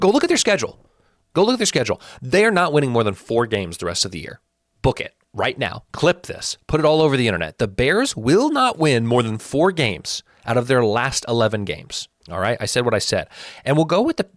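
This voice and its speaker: Lively, defiant man in his thirties. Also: medium pitch, no room sound, clean studio sound. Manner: animated, teasing and defiant, talking straight to viewers. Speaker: sports channel host. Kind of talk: opinionated football rankings talk.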